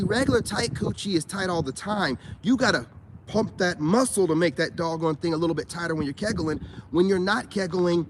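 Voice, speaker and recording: A man from the United States rants bluntly and heatedly, with a fairly high voice for a man. He leans on fillers as he goes. Loud noise sits under his voice throughout. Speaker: vlogger. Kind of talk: ranting monologue.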